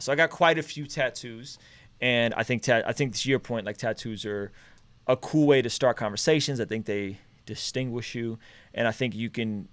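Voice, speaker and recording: Relaxed man hosting a casual live stream. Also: mid-range voice, no echo. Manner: relaxed, rambling, animated shout-outs. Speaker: host.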